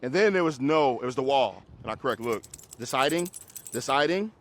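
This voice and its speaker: A man who trains dogs, coaching a group class in a casual, hands-on way, giving quick commands to dogs and explanations to owners. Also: medium pitch, animated. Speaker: dog trainer.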